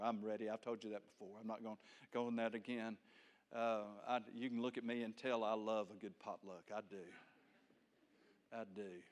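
A middle-aged male pastor preaching a sermon, folksy and homespun, dropping to soft low asides and rising to loud emphasis.

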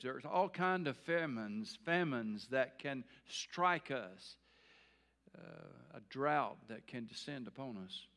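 A man's voice: mid-range voice, fairly bright tone. A man preaching a sermon as pastor, folksy and earnest, with repeated phrases and small restarts.

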